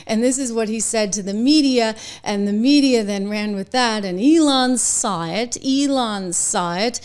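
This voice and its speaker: A middle-aged woman hosting a show, giving chatty, animated political commentary and laughing between points. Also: on the high side, normal speed, few pauses, clean tone.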